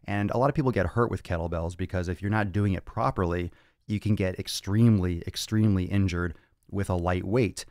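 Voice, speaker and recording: A man's voice: low voice, brisk, darkish tone, no room sound, studio quality. A man hosting a fitness podcast, answering listener questions in a blunt, profane, lecturing way. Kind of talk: blunt Q&A monologue.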